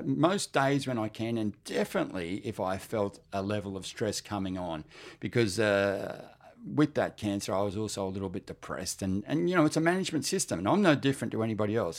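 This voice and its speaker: An Australian man in his fifties talks openly about his own life. His voice sits fairly low, and he speaks earnestly in a halting, candid way, often restarting his sentences. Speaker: cancer patient sharing his story. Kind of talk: personal testimony talk.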